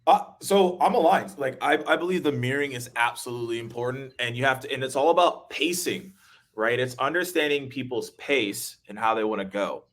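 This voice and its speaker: A young adult man hosting a webinar, talking in an energetic, quick way and laughing easily. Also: medium pitch. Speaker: webinar host. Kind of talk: casual webinar chat.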